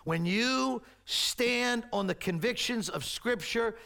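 A man preaching a sermon, telling a story and acting out the shouting voices in it. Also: very high voice, slow pace, gravelly. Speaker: pastor.

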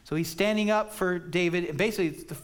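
A man's voice: high-pitched, quick pace. A man preaching an expository sermon, explaining scripture in a plain, conversational way. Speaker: pastor.

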